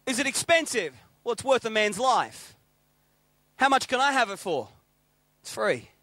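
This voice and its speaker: High bright-voiced preacher. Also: male voice, unhurried, no room sound. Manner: lively anecdotal, acts out quoted dialogue. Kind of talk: sermon storytelling.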